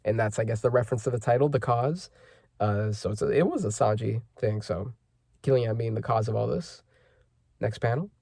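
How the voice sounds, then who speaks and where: A man's voice: medium pitch, brisk, vocal fry, a little mellow, husky, dry recording, studio quality. A man hosting a casual manga chapter reaction, rambling with lots of fillers and self-corrections as he reads panels aloud.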